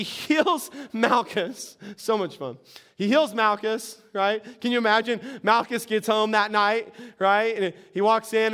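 A preacher man with a high, smooth, resonant voice. He preaches with animated storytelling and slips into the voices of the people in his stories. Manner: animated storytelling, acts out characters. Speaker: pastor. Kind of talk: sermon.

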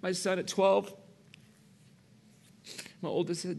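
A middle-aged man preaching a sermon in a church, moving between loud passion and hushed whispers. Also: mid-range voice, fast talker.

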